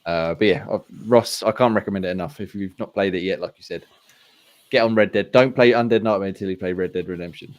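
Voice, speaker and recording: A man co-hosting a gaming podcast, talking in a relaxed, rambling way with casual swearing. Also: low voice, fast, dull audio. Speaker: podcast co-host.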